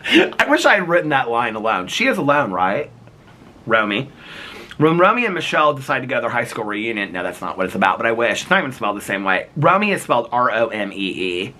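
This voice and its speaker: A man chatting casually in a vlog, animated and playful, laughing often, recorded outdoors in the cold. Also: mid-range voice, fairly quick. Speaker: vlogger.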